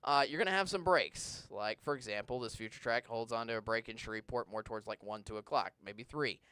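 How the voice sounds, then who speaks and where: A man doing a live weather Q&A from a TV studio, chatting casually through viewer questions and now and then hunting for a word. His voice is smooth and clear, mid-pitched, and recorded close with no room sound. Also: a little fast, pushed and bright, no room sound. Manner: conversational, reads viewer questions aloud; stumbles and restarts when searching for words. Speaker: meteorologist. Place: TV station studio.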